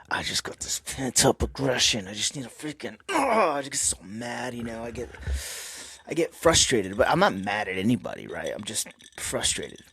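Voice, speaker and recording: Man, husky voice, dry close sound, rambling casual podcast talk, lots of fillers. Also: medium pitch, big pitch swings, unhurried, long pauses, pushed and bright, dry recording. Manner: rambling, filler-heavy, candid. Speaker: podcast host. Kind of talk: casual solo podcast monologue.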